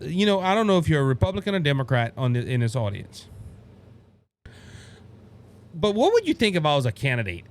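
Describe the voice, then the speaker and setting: A man with a Cajun accent delivering a political podcast monologue. His voice sits high and swings widely in pitch. He stumbles and repeats words as he presses his points fervently. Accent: Louisiana Cajun. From Louisiana. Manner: fervent, repetitive, with stammered restarts. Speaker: podcast host.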